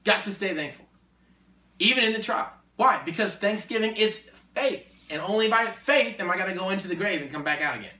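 A man preaching in a conversation, emphatic and repetitive, building to forceful exhortation. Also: high-pitched, expressive, brisk, hardly any pauses. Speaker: Christian speaker. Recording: echoey room, distant mic.

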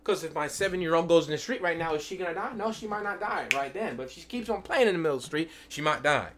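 A man's voice: on the high side, expressive, quick pace, noisy background. A man in his thirties teaching from the Bible to a small group, emphatic and full of questions to his listeners. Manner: emphatic, repeatedly calls for attention, asks the listeners questions.

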